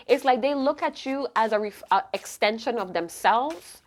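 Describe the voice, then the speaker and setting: A woman's voice: on the high side, lively intonation, normal speed, hardly any pauses, slight background noise. A woman giving an intuitive tarot reading to camera, emotive and rambling, often breaking off mid-thought to restart. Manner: rambling, emotive, self-interrupting. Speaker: tarot reader.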